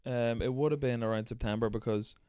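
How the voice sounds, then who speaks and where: A man's voice: medium pitch, fairly even intonation, brisk, a little mellow, smooth, dry recording, studio quality. A man hosting a podcast, chatting casually with a guest, laughing often, swearing and poking fun at himself. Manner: laughing, swearing, self-mocking. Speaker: podcast host. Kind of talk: casual chat.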